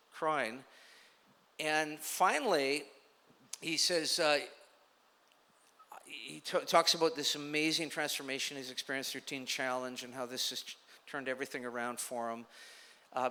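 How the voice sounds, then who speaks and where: Bright-voiced man preaching in a hall. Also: on the high side, normal speed. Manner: conversational storytelling preacher. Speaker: pastor. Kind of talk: sermon. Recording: long hall reverb.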